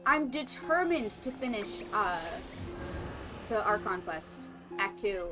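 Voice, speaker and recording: Talking slowly in a mid-range voice, a woman plays a game on stream and chats casually with music in the background. She's lively and profane, often laughing and responding to her chat.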